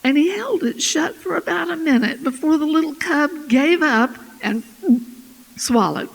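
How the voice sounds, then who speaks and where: A woman telling a folktale in tandem with a partner at a storytelling festival, in a measured, plain way. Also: sits high, expressive, creaky. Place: festival stage. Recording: echoey hall.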